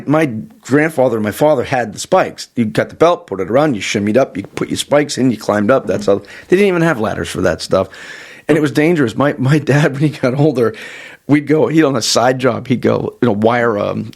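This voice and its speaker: A mid-pitched man hosts a casual trade podcast. He tells lively stories, acts out other people's lines and laughs often. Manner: animated storyteller, acts out quotes, laughs a lot. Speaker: podcast host.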